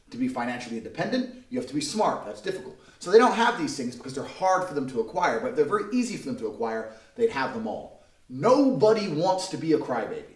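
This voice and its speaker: A man speaking as an interview guest, blunt, emphatic and profane. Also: medium pitch. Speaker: interview guest giving advice to men. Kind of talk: podcast interview talk. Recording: roomy echo.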